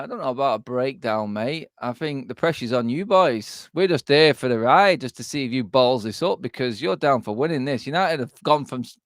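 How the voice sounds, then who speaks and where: A man's voice: mid-range voice, no room sound, clean studio sound. A young English man co-hosting a casual football watchalong, blunt and sweary, laughing often. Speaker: co-host, rival fan.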